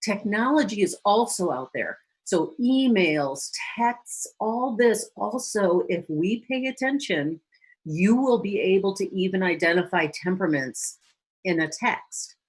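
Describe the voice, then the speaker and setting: A woman counselor giving a lively teaching talk to a church audience, briefly acting out quoted phrases. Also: medium pitch, a little slow, slightly rough. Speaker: guest speaker and counselor.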